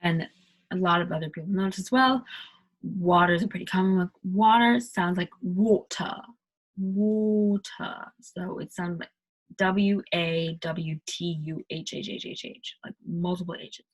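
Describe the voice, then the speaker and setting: A woman's voice: lowish voice, moderate pace, poor audio. An American woman casually explaining pronunciation in a tutorial, with lots of "like" fillers. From United States. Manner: chatty, heavy use of "like" fillers. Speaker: accent tutorial vlogger.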